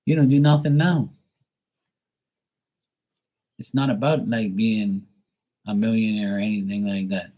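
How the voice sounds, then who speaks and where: A middle-aged man hosting a tarot livestream, chatting casually in a rambling, blunt and profane way that rises into animated rants. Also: lowish voice, a little slow, long pauses, low-quality recording. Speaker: tarot reader host.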